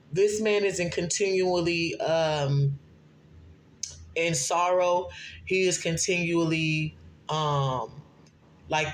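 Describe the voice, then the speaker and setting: A man delivering a prophetic sermon, reading scripture slowly and pausing often to ask "okay?". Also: a little high. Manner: frequent checking "okay?" asides, slow deliberate scripture reading. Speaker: self-described prophet and messenger.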